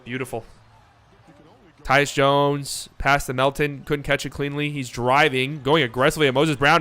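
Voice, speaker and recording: A man hosting a live watch party stream, calling the game in casual play-by-play that swings between calm calls and excited, swearing outbursts. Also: medium pitch, moderate pace.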